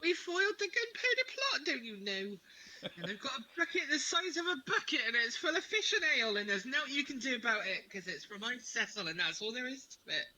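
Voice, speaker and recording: A high, sharp-toned voice carries this bawdy Tudor woman, swooping up and down as she brags and flirts. She is loud, bossy and boozy, with a man doing the voice. Her pitch is lively and her tone is very bright. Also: normal speed, slight background noise, exaggerated voice, rough recording. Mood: brash.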